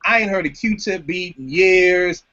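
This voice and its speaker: A man hosting a casual hip-hop podcast, talking in an animated, emphatic, slangy way. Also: high-pitched, a little slow, highs cut off. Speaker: podcast host.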